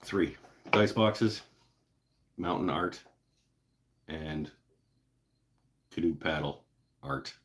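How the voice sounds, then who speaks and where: A man's voice: a bass voice, extremely slow, long pauses, fairly bright tone. A man hosting a woodworking live show, chatting in a rambling, laid-back way with casual swearing. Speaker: woodworking channel host. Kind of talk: casual live-stream chat.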